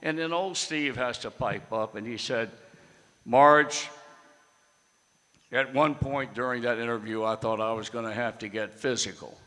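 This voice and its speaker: A blunt older man with a bright, forceful voice spins a salty story for an audience. His words ring with the long reverb of a big hall. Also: mid-range voice, a little fast, few pauses. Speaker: guest speaker.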